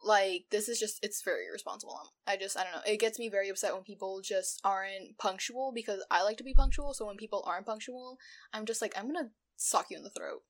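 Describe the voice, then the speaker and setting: A young woman co-hosting a podcast, chatting casually and ranting heatedly, swearing freely. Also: mid-range voice. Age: young adult. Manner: heated, swears freely, quick indignant rants. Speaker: podcast co-host. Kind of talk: casual chat.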